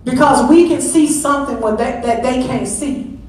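A woman's voice: high voice, moderate pace, a little mellow. A middle-aged woman, a pastor's wife, preaching a Mother's Day sermon in a conversational, emphatic way with lots of repetition. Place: large church sanctuary. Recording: echoey church sanctuary, distant mic.

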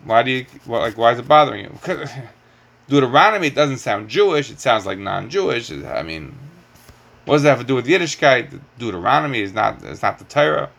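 A man's voice: medium pitch, lively intonation, brisk, vocal fry, a bit bright. A middle-aged man teaching a Torah class, lecturing with rhetorical questions and lots of Hebrew terms.

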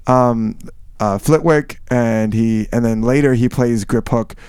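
A man's voice: medium pitch, takes it slowly, a little mellow, smooth, no room sound, clean studio sound. A man co-hosting a casual book-discussion podcast, rambling with frequent restarts and self-corrections. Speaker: podcast co-host.

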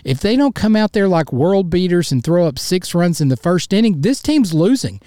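A man's voice: high voice, sing-song, normal speed, dark tone, dry recording, studio quality. A man hosting a solo sports podcast, ranting in a fired-up, frustrated way and bluntly repeating himself for emphasis. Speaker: podcast host.

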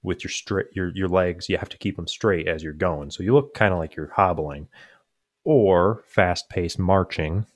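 A young man co-hosting a podcast talks casually in a low voice at a moderate pace. His stories ramble, with many fillers and restarts, and he frequently laughs at his own punchlines. Dry, studio-quality recording.

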